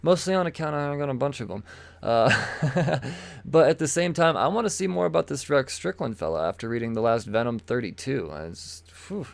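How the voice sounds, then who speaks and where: A man's voice: medium pitch, lively intonation, normal speed, creaky, no echo. Eager stammering man with a dry close sound. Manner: enthusiastic, rambling, stammers on repeated words, swears casually. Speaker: comic book podcast host. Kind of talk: casual solo talk showing comics.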